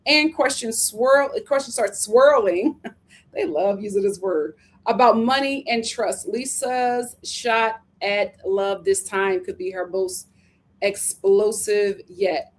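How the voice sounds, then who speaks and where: A woman hosting a casual reality TV recap, sassy and animated, laughing often as she talks. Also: a little high.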